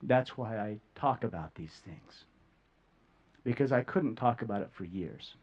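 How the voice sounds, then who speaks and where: A man giving an emotional talk to a live audience, earnest and heartfelt, often halting with repeated words and long pauses. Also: lowish voice, lively intonation, a little mellow, muffled recording. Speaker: speaker sharing a near-death experience. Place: stage before a live audience.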